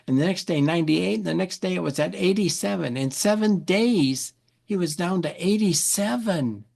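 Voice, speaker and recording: A man, an interview guest, telling an animated story, often repeating words and acting out what people said. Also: high voice, moderate pace, gravelly. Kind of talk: anecdotal storytelling.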